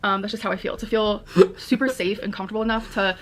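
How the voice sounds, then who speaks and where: A woman's voice: medium pitch, little pitch movement, fast talker, fairly bright tone, slight background noise. A woman speaking earnestly in a rambling confessional vlog, full of "like" fillers. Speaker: vlogger.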